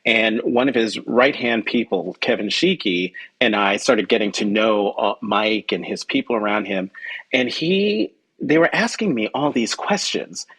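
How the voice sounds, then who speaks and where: A man's voice: measured pace, husky, low-quality recording. A male journalist, a guest on a podcast, telling a personal story in conversation, acting out quoted dialogue with jumps in his voice and frequent ums. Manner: animated, acts out quoted dialogue with pitch jumps; frequent ums and self-corrections.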